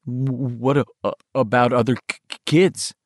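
A man's voice: mid-range voice, steady tone, takes it slowly, fairly bright tone, no room sound, studio quality. A man reading an audiobook, voicing an earnest young boy who stutters heavily. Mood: troubled. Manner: heavy stutter. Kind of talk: audiobook character voice.

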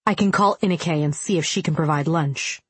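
A man's voice: a little high, brisk, fairly bright tone, slightly rough, no echo. A woman reading the part of a thoughtful, helpful man who explains things in a storybook. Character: thoughtful, helpful male friend.

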